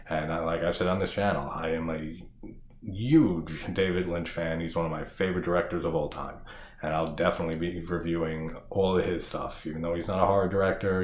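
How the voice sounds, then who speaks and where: A man hosting a horror review channel, recapping a film in a rambling, laughing way with lots of swearing and filler words. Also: low voice. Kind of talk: casual spoken film recap. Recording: echoey room with faint background noise.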